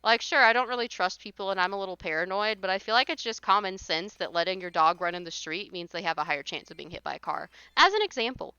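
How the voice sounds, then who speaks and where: A woman's voice: medium pitch, fast talker, few pauses, sharp tone, clear, resonant tone, no room sound, lo-fi sound. A woman livestreamer chatting casually while gaming, ranting in an exasperated, blunt way and swearing.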